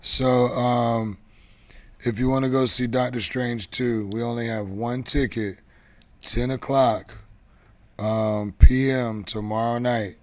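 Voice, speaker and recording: A man's voice: medium pitch, steady tone, slow pace, a little mellow. Rambling casual male show host. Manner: rambling, loose, swears casually. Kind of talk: casual livestream chat.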